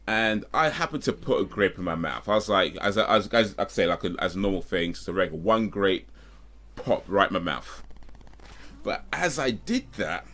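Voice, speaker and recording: Low-voiced man telling a story. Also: lively intonation, normal speed, a bit bright. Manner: rambling, self-correcting, with frequent fillers and asides. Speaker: streamer. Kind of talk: casual storytelling while streaming.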